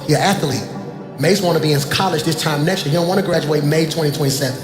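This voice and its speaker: A pastor in his forties giving a sermon, talking conversationally and then rising to loud emphasis. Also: fairly high pitch, fast talker. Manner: conversational preaching, swings between soft talk and loud emphasis. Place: church sanctuary. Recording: echoey church hall with music behind.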